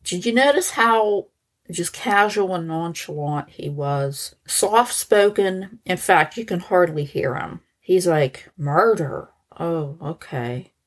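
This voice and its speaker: A woman hosting a podcast, recounting a true-crime case in a conversational, animated way. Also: fairly low pitch, takes it slowly. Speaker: podcast host.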